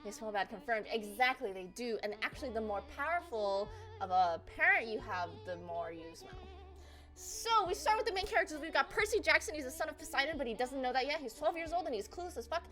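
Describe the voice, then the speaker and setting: A young adult woman giving a casual comic recap of a slideshow, rambling and profane, with lots of fillers and quick asides. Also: sits high, animated, a bit bright, faint music behind. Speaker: presenter.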